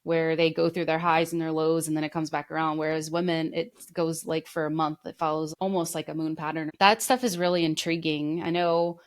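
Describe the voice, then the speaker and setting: A woman's voice: sits low, level tone, brisk, few pauses. A young woman co-hosting a podcast, telling long heartfelt stories in casual chat, full of fillers. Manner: rambling, heartfelt storytelling with many fillers. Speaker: podcast co-host.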